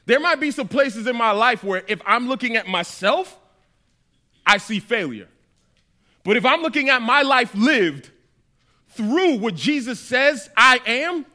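Preacher, male, high bright voice, chatty and teasing, sermon in a church. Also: expressive, a little slow. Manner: conversational and playful with the congregation. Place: church hall.

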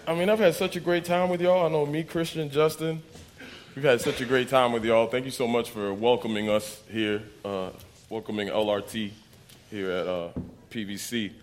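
A young man preaches in a relaxed, conversational way, laughing as he tells a story to the room. His voice sits at an ordinary pitch, and a faint hum of room ambience runs underneath. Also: normal speed. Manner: casual, animated storytelling with laughs. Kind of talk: sermon with testimony.

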